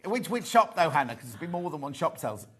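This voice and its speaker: A woman hosting a craft show in easy, chatty conversation. Her voice sits low and a little husky, and it swings animatedly up and down as she spins her stories, laughing between lines. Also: very animated, a little fast, fairly bright tone. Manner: chatty anecdote-telling, laughing often. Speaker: presenter of a live sewing show. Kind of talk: casual chat.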